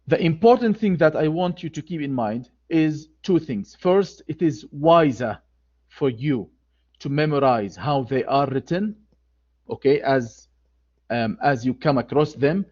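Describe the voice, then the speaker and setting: Slow, repetitive male grammar teacher. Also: on the high side, a little mellow, dull audio. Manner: slow, deliberate, repeats key phrases. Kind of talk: online grammar lecture.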